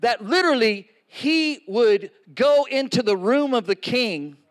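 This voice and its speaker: A man's voice: very high-pitched, lively intonation, a little slow. A man in his sixties preaching a sermon to a congregation, casual and joking, with frequent asides to the audience. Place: in front of a live congregation.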